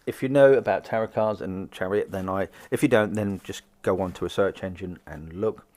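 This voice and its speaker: A man's voice: deep voice, normal speed, a little mellow. A man doing a live tarot card reading, chatting upbeat with viewers and acting out little conversations. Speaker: psychic card reader.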